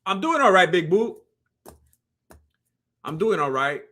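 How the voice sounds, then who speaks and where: A man's voice: high voice, unhurried. A young man chatting casually on a live stream, commenting on a fight video and acting out the people in it. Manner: animated storyteller, voices the people in the clip.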